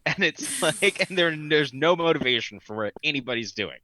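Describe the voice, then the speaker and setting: A man co-hosting a casual film-review podcast, with quick, sarcastic asides and frequent restarts. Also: a little high, animated, pushed and bright, poor audio. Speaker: podcast co-host.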